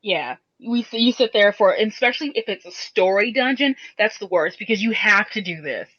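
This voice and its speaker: A woman's voice: medium pitch, expressive, moderate pace, fairly bright tone. A woman co-hosting a casual podcast, explaining things at length in a rambling way with many restarts. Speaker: podcast co-host. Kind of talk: casual chat. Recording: dull lo-fi podcast recording.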